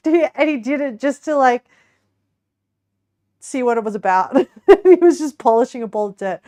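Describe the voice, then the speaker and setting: Slow, giggly Australian woman streamer. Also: high-pitched, lively intonation, dark tone. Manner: giggly, rambling, many likes and restarts. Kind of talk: casual chat while baking on stream.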